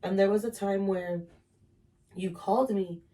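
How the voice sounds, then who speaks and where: A woman's voice: medium pitch, fairly even intonation, measured pace, mellow, distant mic. A young woman co-hosting a podcast in casual chat, talking frankly with lots of filler words and some swearing. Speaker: podcast co-host. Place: bedroom with tripod. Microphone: camera on tripod.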